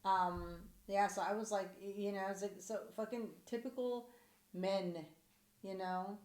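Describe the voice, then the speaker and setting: A woman's voice: mid-range voice, fairly even intonation, a little slow, darkish tone. A woman co-hosting a podcast in casual chat, blunt and swearing freely, with lots of fillers and restarts. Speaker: podcast co-host. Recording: echoey room.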